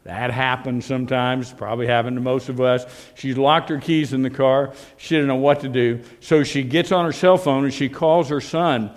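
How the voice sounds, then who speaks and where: A male pastor delivering a Sunday sermon in a relaxed, folksy storytelling manner. He often checks in with listeners through tag questions. His voice sits at an ordinary middle pitch for a man. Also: moderate pace, few pauses.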